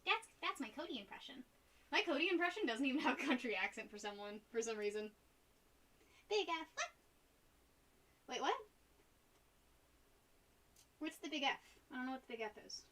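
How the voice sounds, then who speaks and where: Bright-voiced chatty young woman streamer. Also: sits high, very animated, moderate pace, long pauses. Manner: rambling, chatty, giggly. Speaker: art streamer. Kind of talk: casual live-stream chat while painting.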